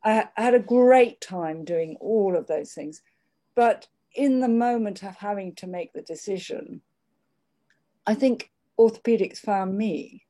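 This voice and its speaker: Older woman, warm mellow sound, careful candid way of talking, restarts a lot. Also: medium pitch. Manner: measured, candid, frequent restarts. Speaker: interviewee. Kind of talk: reflective conversation.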